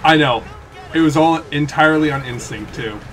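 A young man giving excitable casual commentary while playing a video game, yelping and laughing as he goes. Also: a little high, moderate pace. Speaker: gaming channel host. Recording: background game music.

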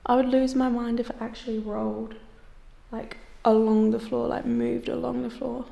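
A woman investigating a haunted hospital, talking casually and a little hushed. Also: fairly high pitch, little pitch movement, moderate pace, creaky. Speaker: paranormal investigator. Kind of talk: casual vlog narration. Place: old hospital room.

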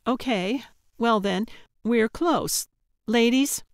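Woman doing a practical, steady young woman. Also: a little high, slow pace, dry recording, clean studio sound. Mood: reassuring.

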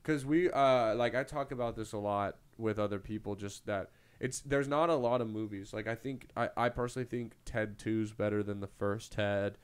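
A young man hosting a casual podcast chat, animated, who slips into loud, goofy impressions. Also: on the low side, moderate pace, hardly any pauses, smooth. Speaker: podcast host.

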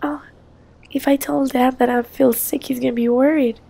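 A woman voicing a young girl in a toy-play story who feels sick on a flight and speaks softly and hesitantly. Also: high-pitched, fairly even intonation, moderate pace, creaky. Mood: uneasy. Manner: soft and hesitant. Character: young girl, quietly airsick, hiding it.

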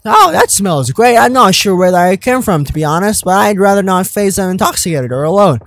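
A jaunty, friendly alien fellow, played by a male gamer, chatters in a raised, lively voice. The sound is dry and close, with faint music behind it. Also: sits high, a little fast, dry recording, voice pushed up, exaggerated voice.

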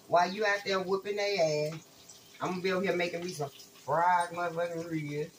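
A woman's voice: lowish voice, fairly even intonation, brisk, slight background noise, poor audio. Blunt, profane woman talking while cooking. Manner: profane, blunt, chatty, addresses viewers as y'all. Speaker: online spiritual reader. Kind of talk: casual rambling talk to viewers. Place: home kitchen while frying food.

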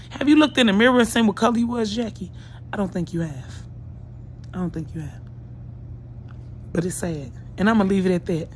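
A YouTube vlogger with a fairly low voice delivers a blunt, profane, scolding rant straight to her viewers in a commentary vlog. She sounds like she just woke up, and there's a little hiss or hum.

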